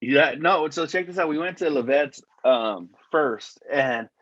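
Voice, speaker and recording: A man's voice: fairly high pitch, expressive, measured pace, a bit bright, no echo, highs cut off. A man co-hosting a podcast, telling long rambling stories full of swearing and calling his friend "dog". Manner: profane, rambling storyteller, says "dog" a lot. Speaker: podcast co-host. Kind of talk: casual chat.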